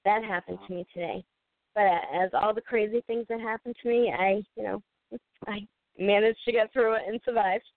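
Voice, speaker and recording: A woman's voice: mid-range voice, steady tone, normal speed. Rambling thirtysomething woman on a phone line. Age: 30s. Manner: rambling, laughs often. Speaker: podcast co-host. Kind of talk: casual storytelling chat. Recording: dry, tinny phone-like sound.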